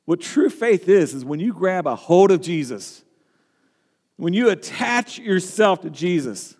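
Pastor guy preaching, highish voice, acts out the people in the story, big echoey hall. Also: unhurried. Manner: animated, acts out the people in the story, self-deprecating asides. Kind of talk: sermon.

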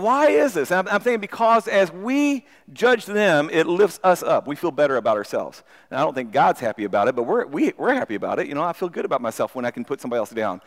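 A man preaching a sermon in an animated way, often repeating words as he starts a sentence. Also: a little high. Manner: animated, acts out voices of people in the story. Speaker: pastor. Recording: long hall reverb.

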